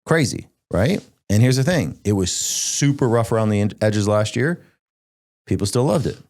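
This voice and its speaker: A young man hosting a podcast, chatting casually in an animated, emphatic way. His voice sits a little low and he fills his talk with "like". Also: moderate pace. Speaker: podcast host.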